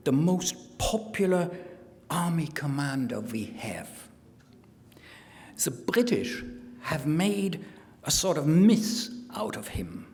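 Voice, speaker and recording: A man reading quotations in a mock German accent, voicing a gloating middle-aged German wartime official reading from his diary. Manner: emphatic, raised pitch. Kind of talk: lecture quotation read in character. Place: conference hall. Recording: hall reverb, faint room noise.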